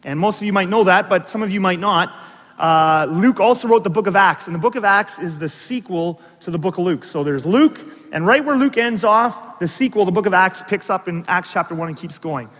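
A man's voice: high-pitched, fairly quick, long reverb tail. A man preaching a sermon as pastor, telling stories with asides and questions to the congregation. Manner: animated storytelling with asides and audience questions.

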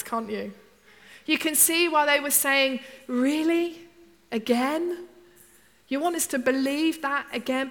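A woman delivers a sermon in a relaxed, conversational way. Her voice sits fairly high, and she keeps turning to the congregation with rhetorical questions. The sound rings out with the long reverb of a church hall. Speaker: preacher.

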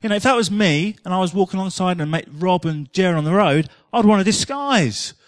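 High-voiced preacher, chatty. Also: male voice, expressive, fairly quick, dry recording, clean studio sound. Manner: chatty storytelling with humour. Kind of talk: sermon.

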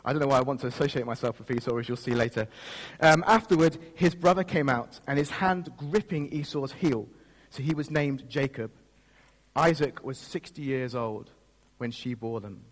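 A man pastor gives a sermon in church, mocking himself as he recounts a personal story and laughing at his own expense. He speaks in a mid-range voice at a moderate pace, with the long reverb of the church hall behind him.

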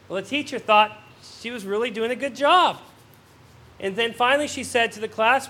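A male pastor preaching a sermon, earnest, swelling on emphatic questions and dropping soft on somber points, often repeating words as he restarts phrases. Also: sits high, fairly quick.

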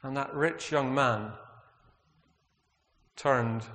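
A man's voice: medium pitch, drawn-out words, fairly bright tone. Man preaching in a reverberant church. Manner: earnest, reflective, asks the congregation questions. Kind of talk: sermon. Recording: long hall reverb.

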